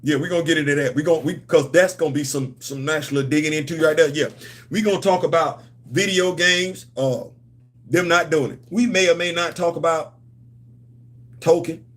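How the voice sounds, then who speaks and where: Male host, higher than usual, AAVE, casual livestream rambling, playful banter. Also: fairly quick, fairly bright tone. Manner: loose, repetitive, playful banter with slang. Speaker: host of a comics and culture channel.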